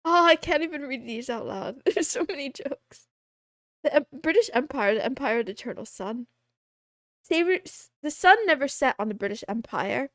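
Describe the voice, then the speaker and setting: A woman in her twenties chatting on a livestream, rambling from thought to thought and poking fun at herself between giggles. Her voice sits high. The sound is close and dry, with no room around it. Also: lively intonation, moderate pace, fairly bright tone, dry recording. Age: 20s. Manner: rambling, giggly, self-deprecating. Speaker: streamer. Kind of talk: casual livestream chat.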